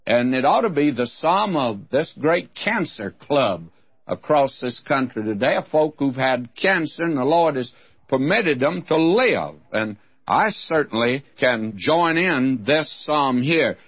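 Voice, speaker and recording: Older man teaching scripture, husky and lively. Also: medium pitch, a little slow, dry recording. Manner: lively, reads scripture with rising emphasis. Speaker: Bible teacher. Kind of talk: radio Bible teaching. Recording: dull old dry radio recording.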